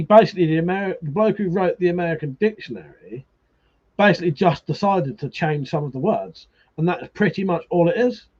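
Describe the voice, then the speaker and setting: A man hosts a casual live stream, swearing freely and laughing as he stirs up his viewers. His voice is a little husky and sits fairly high, and the audio sounds slightly muffled. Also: darkish tone. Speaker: livestream host.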